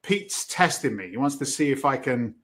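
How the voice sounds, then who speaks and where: A middle-aged man with a Boston accent, talking at an average pitch on a podcast. He tells his stories with energy, acts out quoted dialogue and swears freely in a casual way. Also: lively intonation, normal speed, fairly bright tone. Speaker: podcast guest, real estate investor. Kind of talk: animated storytelling in conversation.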